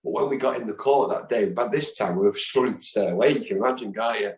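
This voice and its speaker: A man in his fifties, a guest in a casual interview, telling animated anecdotes and acting out the voices of people he quotes. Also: lowish voice, quick pace. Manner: animated storyteller who acts out quoted voices. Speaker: guest, football fan. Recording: echoey room.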